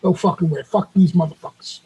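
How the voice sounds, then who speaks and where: A man bantering on a video call, joking crudely and teasing loudly. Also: high-pitched, fairly even intonation, a little fast, breathy edge, poor audio.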